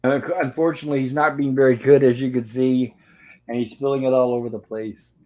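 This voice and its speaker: A chatty man hosting a casual livestream from his bedroom at home. He talks at an even, middling pitch, recapping scenes with a steady stream of asides and "of course.". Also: quick pace. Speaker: livestream host reviewing an old sitcom. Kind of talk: casual live-stream chat.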